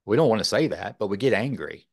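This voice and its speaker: Deep gravelly-voiced man, rambling and earnest. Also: sing-song, fast, no room sound, clean studio sound. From Texas. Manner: rambling, earnest, many fillers. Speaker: podcast guest. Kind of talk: casual interview talk.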